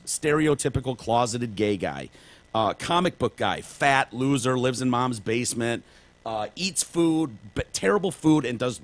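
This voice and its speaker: A man co-hosting a casual podcast, rambling through examples and swearing casually. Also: medium pitch. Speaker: podcast co-host.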